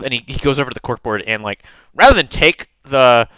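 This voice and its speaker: A man running a tabletop game as game master, describing scenes in a relaxed, rambling way with many fillers. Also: mid-range voice, fairly quick, clean tone, dry recording.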